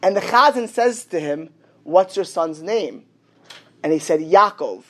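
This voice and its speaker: A man's voice: high-pitched, unhurried. Man telling a story in a sermon. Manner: animated storyteller, acts out the dialogue. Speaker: rabbi.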